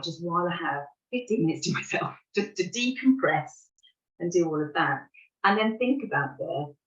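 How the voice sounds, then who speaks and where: A woman's voice: low voice, fairly bright tone, muffled recording. Candid woman, roomy distant sound. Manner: candid, laughs at herself while recounting. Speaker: parent sharing an example. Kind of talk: reflective conversational talk.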